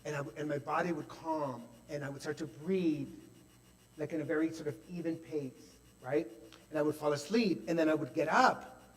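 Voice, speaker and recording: Brief: male preacher, higher-pitched voice, animated testimony full of "like" and "right?", long reverb hall. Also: moderate pace. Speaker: speaker at a spiritual center service. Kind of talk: testimonial sermon. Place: large hall at a spiritual center.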